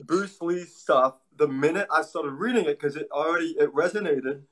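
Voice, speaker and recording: A man being interviewed, a martial arts instructor telling stories in an animated way with a casual manner. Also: on the high side, normal speed. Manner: animated storyteller, acts out voices in anecdotes.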